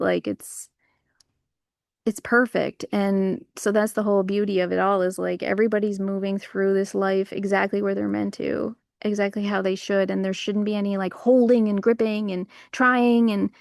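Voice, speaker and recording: Woman host with a gravelly, mid-pitched voice, chatting loosely outdoors in a rambling, spiritual way. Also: darkish tone, dry recording, clean studio sound. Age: adult parent. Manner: meandering, heavy on fillers, spiritual musings. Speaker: livestream host. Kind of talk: casual rambling monologue. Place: outdoors on a warm day.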